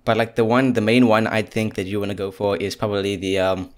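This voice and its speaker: A man's voice: fairly low pitch, fairly even intonation, fairly quick, hardly any pauses. A man with a South African accent hosting a casual podcast chat. He is talkative, laughs easily and often restarts his lines. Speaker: podcast host.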